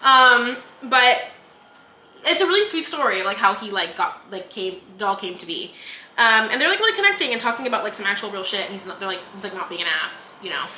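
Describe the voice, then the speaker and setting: A woman's voice: mid-range voice, expressive, fairly quick, bright, forceful tone. A woman co-hosting a podcast, chatting casually about a book, acting out characters' lines and laughing often. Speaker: podcast co-host. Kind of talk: casual book review chat. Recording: echoey room with faint noise.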